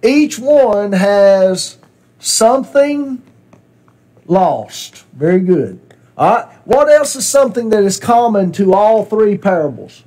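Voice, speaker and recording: A man's voice: sits high, very animated, slow, mellow. A man teaching a Bible class in a church classroom, asking questions and repeating his students' answers.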